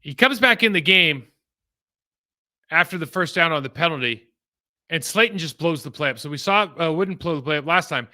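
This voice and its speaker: A man's voice: on the high side, animated, fairly quick, pushed and bright. A man casually breaking down football game film, talking in a rambling, conversational way that trails off and restarts.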